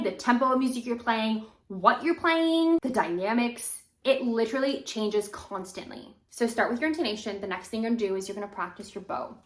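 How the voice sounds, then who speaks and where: High-voiced woman teaching violin, roomy echo. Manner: casual, encouraging, demonstrates while talking. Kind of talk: instructional video talk.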